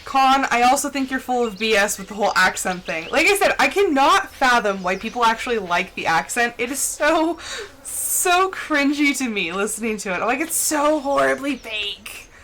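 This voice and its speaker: A young woman chats casually through a gaming live stream in a slightly high voice. Her chatter is playful and easygoing, and she drifts into animated little stories as she plays. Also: normal speed.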